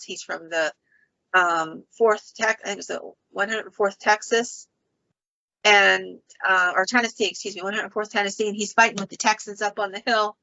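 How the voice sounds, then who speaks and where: A woman hosting a podcast and telling ghost stories in an animated, casual way, with frequent ums and restarts. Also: mid-range voice, no room sound, lo-fi sound. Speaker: podcast host.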